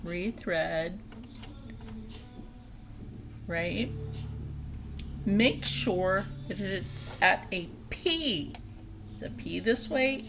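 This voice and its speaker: Slow, chatty woman teaching sewing. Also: medium pitch, noisy background. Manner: chatty and playful, with soft whispered asides. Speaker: sewing channel host. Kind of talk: casual step-by-step tutorial.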